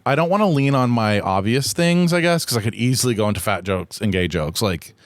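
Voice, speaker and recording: Here a podcast host with a mid-range voice and lively intonation speaks a little fast, with no echo on the audio. Alone on his casual show, he wanders from topic to topic, talking openly, cursing, and teasing himself.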